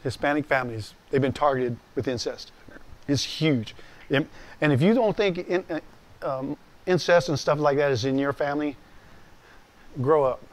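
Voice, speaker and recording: With a fairly high pitch and normal speed, this pastor leaves long pauses as he delivers a testimony sermon. He speaks conversationally to his audience and gets animated performing the voices of people he quotes.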